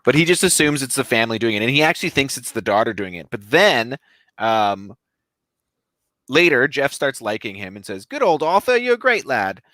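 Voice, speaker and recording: Male co-host, animated storyteller, mid-pitched, very dry sound. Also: moderate pace, no echo. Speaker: podcast co-host. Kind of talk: casual podcast chat.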